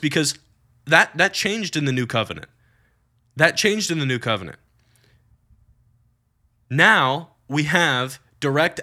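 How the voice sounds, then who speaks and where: A man's voice: a little high, pushed and bright. A man preaching earnestly to young people about prayer, with emphatic bursts. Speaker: youth preacher. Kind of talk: teaching on prayer.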